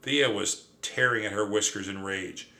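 Bright-voiced man reading a storybook. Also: lowish voice, moderate pace, creaky. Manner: lively, expressive reading. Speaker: audiobook narrator. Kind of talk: storybook narration.

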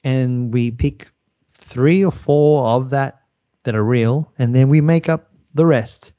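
A man hosts a game segment on a podcast in easygoing, casual chat. He drifts through fillers and little laughs, and his voice is soft and mellow. The audio sounds slightly dull and very dry. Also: mid-range voice, slow, dry recording. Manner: laid-back, with frequent fillers and chuckles.

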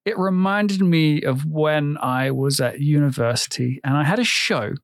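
A man's voice: a little high, a little slow, no echo. Young man, casual podcast host, chatty and sweary, dry close sound. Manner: chatty, swears freely, laughs often. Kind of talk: casual chat.

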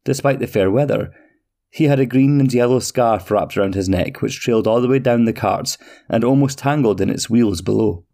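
A man hosting a podcast and narrating a fairy tale in a slow, measured storytelling manner. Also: mid-range voice, creaky, dark tone.

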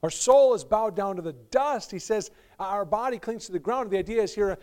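A male pastor preaching a sermon, swinging from quiet reflection to loud, pleading emphasis, with warm laughs between points. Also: high-pitched, moderate pace, hardly any pauses.

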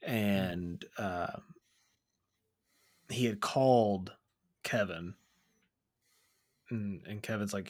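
A fairly low-voiced man co-hosts a casual movie review podcast. He walks through scenes earnestly, his emotion clear as he retells them. His talk is loose and conversational. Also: drawn-out words, long pauses. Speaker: podcast co-host.

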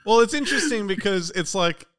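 A man's voice: sits high, animated, fairly quick, a loud crowd. A man hosting a podcast in casual chat, chatty and laughing often, swearing freely. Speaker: podcast host.

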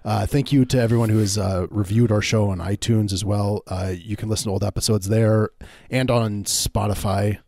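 A man co-hosting a podcast, chatting casually with wry, deadpan asides. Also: on the low side, moderate pace, gravelly, hardly any pauses, no echo. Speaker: podcast co-host. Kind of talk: casual chat.

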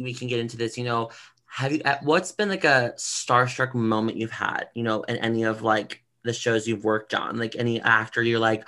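A man's voice: medium pitch, pushed and bright. A man hosting a casual interview, asking long, rambling questions full of fillers. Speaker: interview host.

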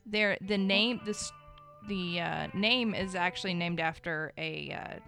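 Woman in her 30s, podcast co-host, unhurried, giggly, salty mouth, faint music under. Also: lowish voice, creaky, pushed and bright. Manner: laughs often, swears casually. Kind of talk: casual chat.

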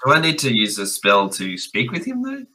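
A man's voice: mid-range voice, wildly swooping pitch, moderate pace, pushed and bright, poor audio. A man playing a tabletop game, talking in a hesitant, playful way with many fillers. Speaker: player.

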